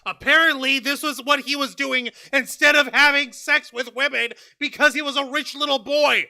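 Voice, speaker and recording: A man's voice: very high-pitched, steady tone, normal speed, creaky, bright, forceful tone. A man co-hosting a casual wrestling podcast, speaking in a blunt, sarcastic, profane way. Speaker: podcast co-host. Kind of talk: casual wrestling review chat.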